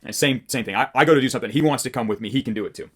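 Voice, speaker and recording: A man's voice: mid-range voice, racing, a bit bright, slightly rough. A man talking to camera as a copywriting coach, in a casual, blunt, rambling motivational style with loose fillers.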